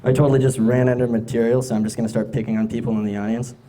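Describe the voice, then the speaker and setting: A man's voice: mid-range voice, little pitch movement, rapid-fire, warm tone, a little hiss or hum. A young man in his late teens doing live stand-up comedy on a stage mic, rambling and hesitant, often amused at himself.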